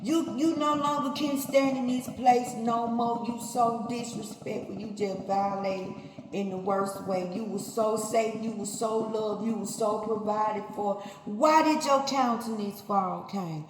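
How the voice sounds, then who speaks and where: A woman's voice: a little high, steady tone, measured pace, slight background noise, lightly acted. A woman voicing God as he scolds a jealous son, with stern, repetitive questioning. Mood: scolding. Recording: echoey hall, faint ambience.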